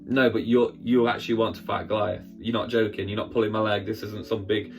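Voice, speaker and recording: A man's voice: lowish voice, flat delivery, brisk, recorded from a distance, soft background music, close to an everyday voice. A man doing a wary questioning king. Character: wary adult male king, questioning and practical.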